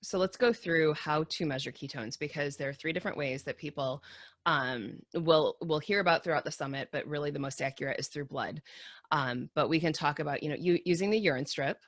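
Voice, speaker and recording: A woman's voice: sits low, brisk, dry recording, studio quality. A woman hosting an online health summit, chatty and enthusiastic as she introduces and questions her guest. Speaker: summit host.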